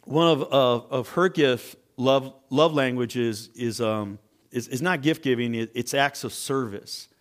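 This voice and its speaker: A man's voice: medium pitch, measured pace. A middle-aged man preaching a sermon as pastor, telling stories with acted-out voices and building to emphatic points. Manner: animated storyteller, acts out voices, rising to emphatic preaching.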